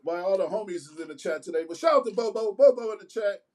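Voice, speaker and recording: A man co-hosting a podcast in casual chat, excitable and loud in his reactions. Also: high-pitched, fast, a crowd in the background. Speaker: podcast co-host.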